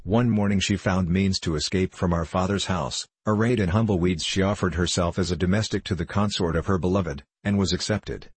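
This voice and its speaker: A man's voice: low voice, brisk, few pauses, breathy edge, no echo. A man reading the part of an anguished young novice monk, in an impassioned, faltering, pleading voice.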